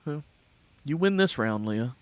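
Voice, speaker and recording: A man's voice: medium pitch, lively intonation, unhurried, clean tone. A man co-hosting a casual podcast, goofy and joking. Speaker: podcast co-host. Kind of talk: casual chat.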